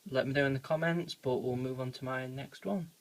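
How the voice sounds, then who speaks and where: Hobbyist talking low and easy while filming, casual vlog on a camera mic. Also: steady tone, fairly quick, poor audio. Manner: quiet, soft-spoken, laid-back. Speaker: hobby pet keeper filming feedings. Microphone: handheld camera mic.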